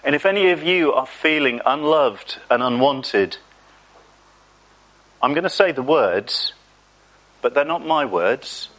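A man preaching a sermon in a mid-pitched voice. He talks in a chatty, self-mocking way and draws out the words that matter. He tells the story from his own life. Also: lively intonation, slow pace, pauses often, a bit bright, rough recording.

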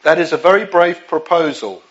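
A man's voice: a little high, animated, normal speed, highs cut off. An English man preaching a sermon in a conversational way, with frequent restarts and asides. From England.

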